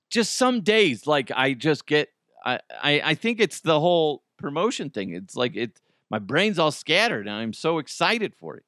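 A man in his forties hosting a casual solo podcast, excitable and laughing often. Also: fairly high pitch, normal speed, dry recording, clean studio sound. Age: 40s. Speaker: podcast host.

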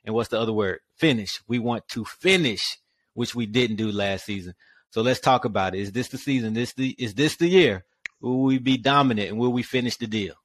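Energetic male podcast host, dry sound. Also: mid-range voice, brisk, dry recording. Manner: lively, asks rhetorical questions. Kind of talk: casual sports podcast talk.

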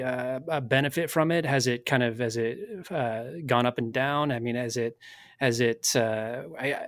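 A man's voice: medium pitch, dry recording, studio quality. A man interviewing a guest, asking long rambling questions with many fillers. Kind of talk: casual podcast interview.

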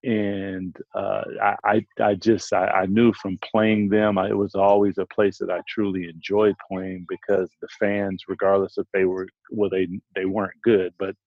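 A former pro basketball player telling stories in a casual talk, halting and restarting often. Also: male voice, deep voice, level tone, gravelly, no room sound, lo-fi sound. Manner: halting, with many restarts and repeated words. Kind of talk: casual conversation, storytelling.

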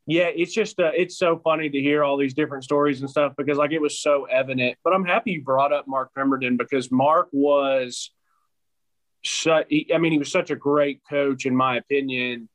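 A man's voice: a little high, fairly even intonation, normal speed, a bit bright, rough recording. A young man co-hosting a casual chat, rambling and filling his speech with "like". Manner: rambling, heavy use of "like".

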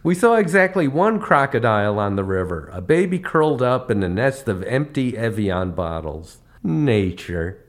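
A man's voice: mid-range voice, sing-song, normal speed, hardly any pauses. A man hosting a podcast, telling comic travel stories with a wry, punchline-driven delivery. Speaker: podcast host. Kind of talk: comedic travel storytelling.

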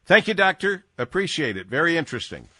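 A male radio host interviewing a guest, lively and joking. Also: a little high, fast talker, husky, no echo, clean studio sound.

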